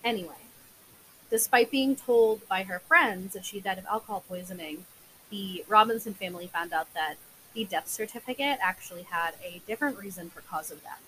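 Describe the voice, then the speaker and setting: A woman's voice: mid-range voice, moderate pace, fairly bright tone, slight background noise, low-quality recording. A young woman co-hosting a true crime podcast, recounting case details casually with many filler words. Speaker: podcast co-host.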